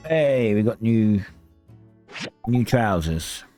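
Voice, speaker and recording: Low-voiced guy streaming a game, relaxed chatty commentary, music and typing behind. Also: very slow. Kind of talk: casual gameplay commentary. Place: home streaming setup.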